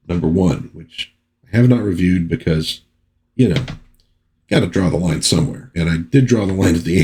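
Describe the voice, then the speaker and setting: A man's voice: low voice, a little mellow. A man hosting a casual comic book review vlog, chatty and easygoing. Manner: chatty with frequent fillers and restarts.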